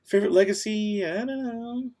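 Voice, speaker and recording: A man's voice: high voice, normal speed, darkish tone. A young man hosting a casual livestream, reading viewer comments aloud while he works, laid-back but a little tired and worn-voiced. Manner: laid-back, easily exasperated, mumbles while working. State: tired, losing his voice. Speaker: livestream host.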